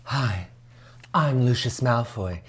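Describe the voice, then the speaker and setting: A woman doing a comic impression of a haughty wizard aristocrat, announcing herself slowly and grandly without a real accent. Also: very deep voice, expressive, a little hiss or hum, full character voice. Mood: pompous.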